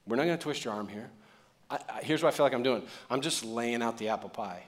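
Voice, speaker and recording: A man's voice: mid-range voice, fast. A man preaching a sermon as pastor, talking in a conversational way with joking asides and building to emphatic points.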